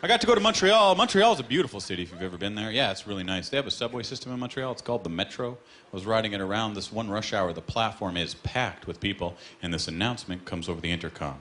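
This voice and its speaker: A man doing a stand-up routine on a club stage, telling stories with a deadpan delivery and quick punchlines. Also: lowish voice. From Canada. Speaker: stand-up comedian. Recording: noisy live comedy club.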